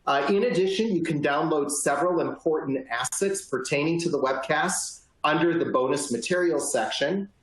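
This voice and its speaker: A man moderating a webinar and introducing the guest speaker, friendly and a little halting. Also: on the high side, echoey room, rough recording. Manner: friendly, slightly halting, restarts.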